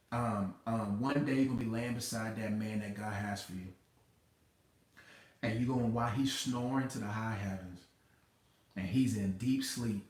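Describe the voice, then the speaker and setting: A man with a medium-pitched voice, recorded on a distant mic in a roomy space, works as a relationship coach. He gives motivational advice in an emphatic, preacher-like yet conversational way, repeating key phrases.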